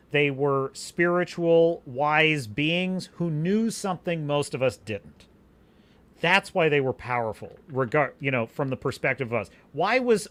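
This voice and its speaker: A man's voice: a little high, fairly bright tone. A male podcast host ranting passionately on a livestream, emphatic and full of restarts. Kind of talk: livestream commentary rant.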